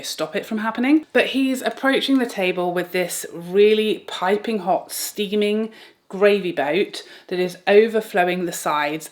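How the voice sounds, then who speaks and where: A young woman spins a personal story for her viewers in a lively, dramatic way. She laughs as she goes and keeps a conversational vlogger's tone, with a voice sitting in a middle register. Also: mid-range voice. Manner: animated, dramatic, laughs while telling. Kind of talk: storytelling chat.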